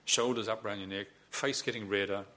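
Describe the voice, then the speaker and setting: A man teaching meditation at a retreat, giving a dharma talk with gentle humor and acted-out inner voices. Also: fairly low pitch, fairly even intonation, fairly quick, slight background noise.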